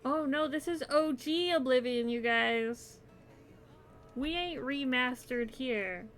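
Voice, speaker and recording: A woman chats with her stream viewers while she tidies her crochet yarn. Her voice sits a little high and she takes her time, with plenty of giggles along the way. Soft music plays quietly behind her. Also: takes it slowly. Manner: giggly, chatty, yawning near end of stream. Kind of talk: casual chat with stream chat.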